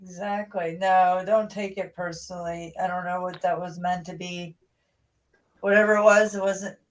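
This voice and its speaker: A woman hosts a livestream, chatting casually, rambling and breaking off mid-sentence. Her fairly low voice holds a steady tone at a moderate pace, and she sounds a bit off-mic.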